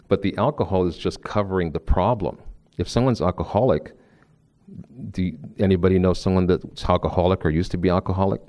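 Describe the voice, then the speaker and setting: A man with a low, deep voice speaks to a live audience from a podium. He is from New Jersey and delivers a spiritual talk as a string of personal stories. His delivery is loose and conversational, and he often restarts his sentences. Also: steady tone, brisk, darkish tone. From New Jersey, USA. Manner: conversational, storytelling, frequent restarts. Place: lecture room with podium.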